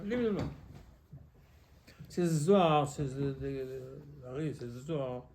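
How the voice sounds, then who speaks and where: A man, a rabbi, giving an animated Torah lesson in halting English with many repetitions. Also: on the high side, slight background noise. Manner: animated, repetitive, non-native English phrasing.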